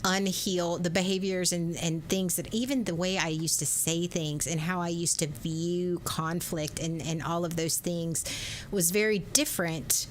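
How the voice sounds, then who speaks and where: Earnest low-voiced woman, halting. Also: steady tone, a little hiss or hum. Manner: earnest, halting, with frequent restarts. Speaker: podcast co-host. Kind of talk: candid personal reflection.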